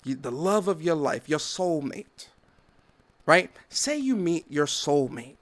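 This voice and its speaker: A high-pitched man hosts a podcast alone, ranting with lots of swings in his voice. He swears freely and acts out the people in his stories. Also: expressive, slow pace. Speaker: podcast host. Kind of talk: opinionated solo commentary.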